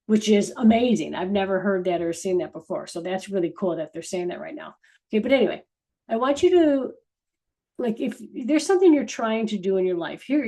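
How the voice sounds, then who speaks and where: A woman's voice: mid-range voice, rough recording. Earnest woman channeling spiritual messages. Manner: earnest, rambling, with restarts and soft trailing ends. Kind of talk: casual spiritual talk to viewers.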